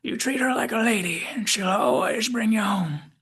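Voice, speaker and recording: Cranky ancient admiral, put on by a man, Southern accent, gruff folksy drawl, pitched way up. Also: moderate pace, fairly bright tone, full character voice. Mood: fond.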